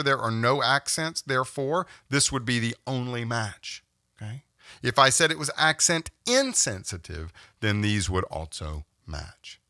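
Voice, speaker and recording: A man teaching a screen-recorded software tutorial, explaining step by step and checking in with "okay?" as he goes. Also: mid-range voice, no echo, clean studio sound. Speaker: instructor.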